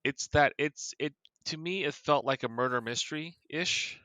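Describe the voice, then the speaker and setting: A man's voice: a little high, a little slow, pushed and bright, no room sound. A man co-hosting a podcast, explaining his movie pick in a rambling way with many fillers. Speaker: podcast co-host. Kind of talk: casual chat.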